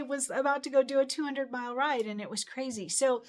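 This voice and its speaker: A middle-aged woman on her own channel tells a personal story casually, rambling with plenty of fillers and restarts. Her voice is high and she talks a little fast.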